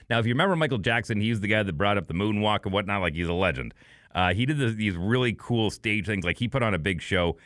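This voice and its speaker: With a low voice, this middle-aged co-host of a podcast tells stories in a lively, casual chat, imitating the voices of whoever he's quoting. The recording is dry, with clean studio sound.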